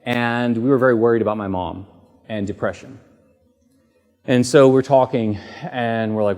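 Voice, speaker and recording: Low-voiced man lecturing in a reverberant hall. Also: animated, normal speed, a little mellow, faint music behind. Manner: conversational, acts out quoted dialogue, frequent fillers. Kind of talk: public lecture with personal storytelling.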